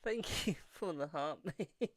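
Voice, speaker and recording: A man's voice: on the high side, expressive, slow pace, no room sound, clean studio sound. A man with a British accent giving a live-streamed tarot reading, laughing helplessly through his sentences. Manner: giggling helplessly, breaking into laughter mid-sentence. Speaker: tarot reader.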